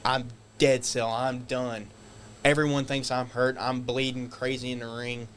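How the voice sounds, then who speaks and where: A man guest on a podcast, telling stories casually, animated and swearing, acting out shouted quotes. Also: mid-range voice, a little slow, slight background noise. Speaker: guest wrestler. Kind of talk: casual storytelling.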